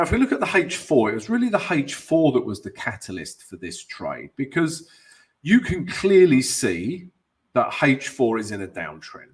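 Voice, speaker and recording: A man hosting a live trading stream while nursing a cold, his voice at an ordinary middle pitch. He talks in an upbeat, ad-libbed way, greets viewers by name and makes light of himself. He walks through charts close to a desk mic. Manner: self-mocking, ad-libbed asides. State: has a cold. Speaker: forex trading host. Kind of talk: livestream trading talk and chart walkthrough.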